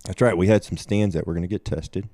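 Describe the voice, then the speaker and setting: A man's voice: low-pitched, steady tone, fast, warm tone, dry recording, studio quality. A man co-hosting a podcast, recounting a story in an easygoing, step-by-step way. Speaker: podcast co-host. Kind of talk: casual chat.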